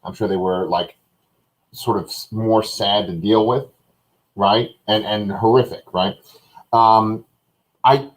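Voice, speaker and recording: A man co-hosting a live review show talks casually, thinking aloud with plenty of fillers and hedges. His voice is lowish, and the recording is rough.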